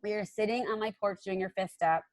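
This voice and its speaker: A middle-aged woman hosting a casual recovery podcast, chatty and animated as she tells stories. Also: medium pitch, brisk, no echo, studio quality. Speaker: podcast host and sponsor.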